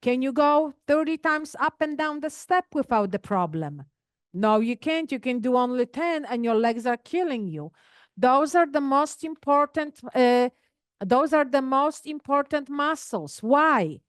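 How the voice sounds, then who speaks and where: Slow, high-voiced woman teaching an exercise class. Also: animated, dry recording, clean studio sound. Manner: slow, demonstrative, addresses class directly with questions. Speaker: physical therapist leading an exercise class. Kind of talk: live group health talk with demonstrations.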